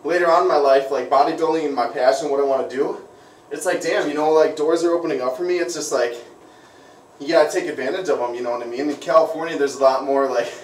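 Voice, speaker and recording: A man's voice: fairly high pitch, quick pace, recorded from a distance, a little hiss or hum. A young man from Minnesota with a Minnesotan accent, talking in an upbeat, chatty way full of "like" and "you know" on a casual vlog. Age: young adult. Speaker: vlogger. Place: bathroom with shower. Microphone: phone or tablet camera. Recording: echoey room, voice off-mic.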